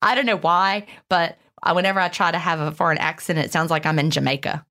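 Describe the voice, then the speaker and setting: Gravelly-voiced woman co-hosting a podcast. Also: low-pitched, quick pace. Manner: chatty and animated, with many "you know" fillers. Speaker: podcast co-host. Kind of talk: casual podcast chat, reading listener questions.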